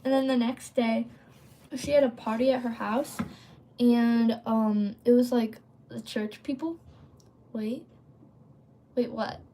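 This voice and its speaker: A woman's voice: fairly high pitch, steady tone, slow, long pauses, mellow. Chatty rambling woman live-streaming. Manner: rambling, filler-heavy, often breaks off to read and answer chat. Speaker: livestream host. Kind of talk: casual livestream chat.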